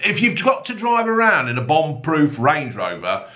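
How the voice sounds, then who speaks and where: A man's voice: fairly high pitch, huge pitch swings, normal speed, pushed and bright. A middle-aged man with a blunt, sweary, mocking manner, rambling through the tabloid news as a comic rant. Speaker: comedic news commentator.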